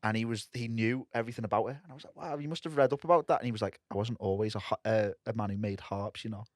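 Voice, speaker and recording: A man's voice: fairly low pitch, fairly even intonation, very fast, no echo, clean studio sound. A man guesting on a comedy podcast, telling a rambling story full of restarts. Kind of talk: casual comedy podcast anecdote.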